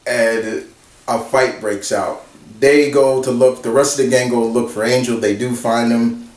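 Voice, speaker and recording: Guy rambling through a story slow, bit far off in an echoey room. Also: medium pitch, steady tone. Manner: rambling, with restarts and quick laughs. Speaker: channel host retelling a fan story. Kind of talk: casual storytelling. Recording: roomy, from a distance.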